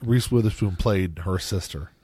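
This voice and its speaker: A man's voice: low voice, moderate pace, darkish tone, breathy edge. A man in his thirties co-hosting a casual podcast chat, talking in stop-start, rambling phrases. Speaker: podcast co-host.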